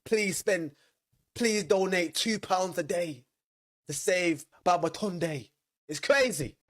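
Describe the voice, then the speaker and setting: Male reactor, slightly high voice, slangy and hyped. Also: animated, slow, a bit bright. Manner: hyped, slangy, says "man" a lot. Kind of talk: reaction commentary.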